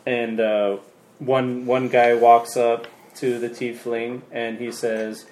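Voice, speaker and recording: A man running a tabletop game as game master, narrating slowly with many fillers and restarts. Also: medium pitch, flat delivery, a little mellow, roomy sound. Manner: slow, halting, many fillers.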